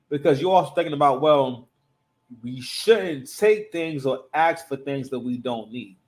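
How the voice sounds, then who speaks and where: A man's voice: fairly high pitch, normal speed, darkish tone. A man hosting a casual reaction commentary, rambling and often restarting his sentences. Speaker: commentary channel host.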